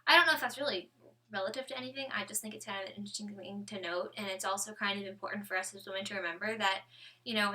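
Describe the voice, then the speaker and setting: A woman's voice: medium pitch, pushed and bright, recorded from a distance. A young woman leading a casual Bible study, rambling with lots of "like" and "you know".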